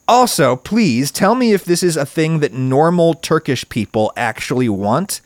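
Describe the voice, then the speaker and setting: A man's voice: no echo, clean studio sound. Wry, emphatic male commentary host. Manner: wry, emphatic, wide swings in pitch for stress. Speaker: video essay host. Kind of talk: opinionated solo commentary.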